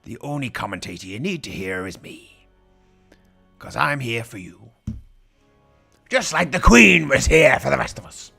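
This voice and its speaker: Gravelly man doing pirate commentary. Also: medium pitch, lively intonation, moderate pace, long pauses, sharp tone. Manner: growling pirate asides, irreverent and mock-solemn. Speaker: live-stream commentator. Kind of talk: jokey live commentary in a mock pirate voice. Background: faint music from the broadcast feed.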